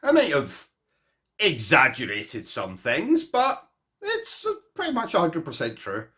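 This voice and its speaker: A man chats to camera, spinning a comic personal story with a bright, forward tone. His pitch swings up and down as he rambles through asides, poking fun at himself. He sounds like a casual vlogger talking to his viewers. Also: measured pace. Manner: animated, self-mocking, rambling with asides.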